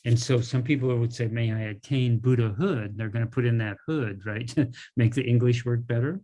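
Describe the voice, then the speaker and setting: In a laid-back, informal lesson, a middle-aged man with a mid-range voice slowly goes over words for his language students. "Right?" and "okay" come up often as he checks in with them.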